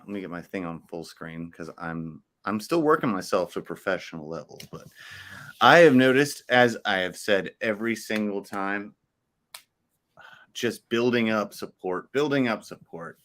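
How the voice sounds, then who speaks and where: A man co-hosting a casual sports podcast, playful and jokey, slipping into quick rhyming riffs. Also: low-pitched, sharp tone. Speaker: podcast co-host.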